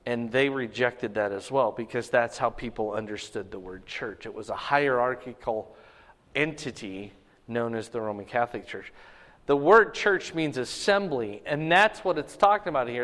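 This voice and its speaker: A male pastor teaching a sermon in a conversational way, stopping often to ask "okay?" and slowing down to stress key words. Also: mid-range voice, a bit bright, long reverb tail.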